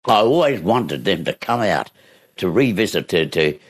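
A man's voice: low voice, very animated, normal speed. An Australian man, an interview guest and actor, telling stories from his past in a reflective way, acting out voices and laughing along. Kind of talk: reflective storytelling.

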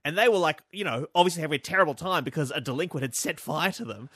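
A young man co-hosting a chat show, acting out the people in his story as he goes. His voice is bright and forward, jumping up and down in pitch. The sound is dry and close to the mic. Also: quick pace, husky, no echo. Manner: animated, acts out voices in his stories. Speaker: co-host.

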